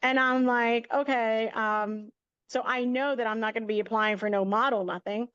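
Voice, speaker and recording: A middle-aged woman, a guest who works as a media entrepreneur, tells a story with casual energy, acting out what the people in it said. Her voice is a little high, at normal speed, with a clean tone. The recording is dry and sounds dull.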